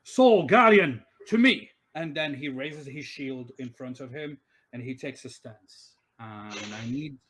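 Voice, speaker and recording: A man's voice: mid-range voice, steady tone, measured pace, a bit bright, husky. A man acting as game master in an online tabletop game, thinking aloud with many fillers as he runs the rules.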